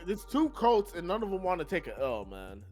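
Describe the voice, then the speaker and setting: A man's voice: high-pitched, wildly swooping pitch, a little fast. Young guy cracking jokes on a podcast, voice jumps around a lot, faint music. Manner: joking, interjecting, slangy. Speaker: podcast co-host. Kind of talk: casual chat.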